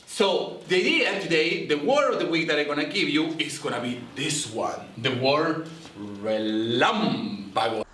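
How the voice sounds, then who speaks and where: A man presenting a playful word-of-the-week segment on a school news show, animated and teasing, drawing out the Spanish words. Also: on the high side, moderate pace, roomy sound, distant mic.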